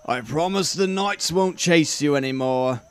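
A man reading aloud and voicing a loud, bossy male king who shouts his orders. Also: on the high side, unhurried, clear, resonant tone, pitched above the performer's own voice, lightly acted. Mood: placating. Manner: shouting, emphatic.

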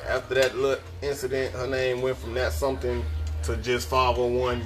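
A man's voice: mid-range voice, steady tone, moderate pace, over music. Laid-back young man telling stories, cursing. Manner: profane, laid-back, laughing asides. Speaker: podcast host. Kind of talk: casual storytelling monologue.

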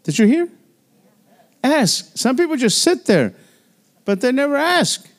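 An older man, a pastor, preaching an animated sermon in church, with chatty asides and laughs. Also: very high-pitched, measured pace.

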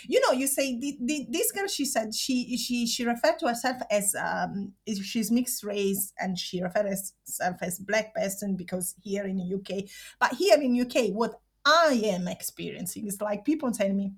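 Woman from Italy, slightly high voice, halting speech, near tears, repeats herself. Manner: halting, laughs through emotion, repeats herself. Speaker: interviewee. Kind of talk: emotional personal interview.

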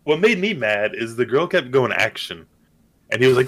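A man's voice: medium pitch, sing-song, normal speed, fairly bright tone. A man in casual chat, wry and swearing freely as he quotes movie characters.

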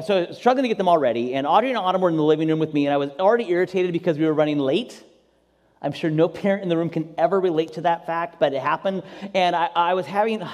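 A man in his forties preaching a sermon, telling self-deprecating stories in an animated way. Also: on the high side, big-room sound. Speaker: pastor.

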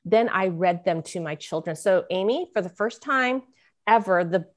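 A woman's voice: medium pitch, animated, moderate pace. A middle-aged woman, an author guest in a podcast interview, telling a personal story earnestly and acting out the voices of people she quotes.

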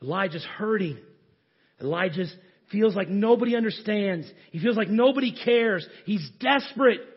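A man with a high, husky voice delivers a sermon. He drops to near-hushed tones, then climbs to shouting. The recording is dull and lo-fi. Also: lively intonation, normal speed. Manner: preaching with sudden swings from hushed to shouting. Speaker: pastor.

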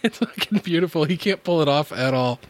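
An easygoing man co-hosting a podcast, chatting casually with frequent laughter and offhand swearing. His voice sits a bit higher than most men's. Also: expressive, a little fast. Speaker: podcast co-host.

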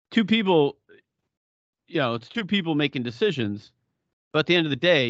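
A man's voice: medium pitch, fairly bright tone, dry recording, lo-fi sound. Middle-aged guy cussing, laughing, casual podcast talk, dry room. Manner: blunt, profane, laughs often. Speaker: podcast co-host. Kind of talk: casual chat.

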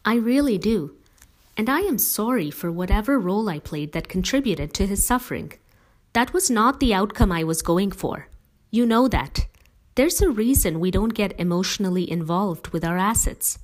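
A woman voicing a devoted middle-aged mother who speaks emphatically and persuasively, with gentle teasing. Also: medium pitch, animated, normal speed, voice pushed up, close to an everyday voice. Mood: emphatic.

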